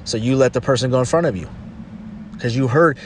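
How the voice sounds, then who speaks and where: A man's voice: medium pitch, brisk, a little hiss or hum. A man talking through casual advice in a loose, rambling way, often adding "you know" and restarting his sentences.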